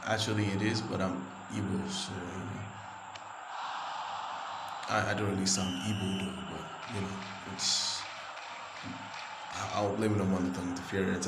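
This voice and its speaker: Man from Nigeria, chatty gaming commentator; low voice, echoey room. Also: slight background noise. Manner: chatty, rambling, quick to get excited. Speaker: gaming video creator. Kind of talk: casual gameplay commentary. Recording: roomy echo.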